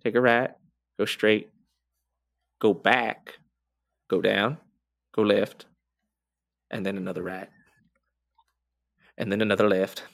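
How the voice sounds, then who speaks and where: A man's voice: lowish voice, fairly even intonation, slow, vocal fry, pauses often, a bit bright, pitched below the performer's own voice, exaggerated voice. A man voicing a friendly male robot janitor with six arms, with a folksy drawl and a kindly, teasing manner.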